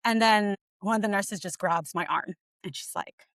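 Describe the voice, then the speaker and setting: A woman co-hosting a podcast, telling a painful personal story in a tearful, fast, rambling way with lots of "like". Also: mid-range voice, a bit bright, no room sound. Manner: tearful, fast, says like a lot. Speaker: podcast co-host sharing her story.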